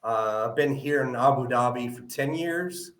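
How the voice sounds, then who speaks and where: A man's voice: mid-range voice, normal speed, a bit bright, reverberant. A man hosting a live podcast interview, friendly and asking follow-up questions with lots of hesitations. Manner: friendly, asks follow-up questions, many "uh" fillers. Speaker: podcast host.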